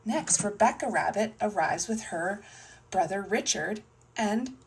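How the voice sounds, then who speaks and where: Lady reading a kids' story, lively up-and-down voice, little far from the mic, faint noise. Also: mid-range voice, unhurried, creaky. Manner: soft, hushed reading with bursts of playful character voices. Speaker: storyteller playing with toys. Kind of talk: reading a picture book aloud, then narrating toy play.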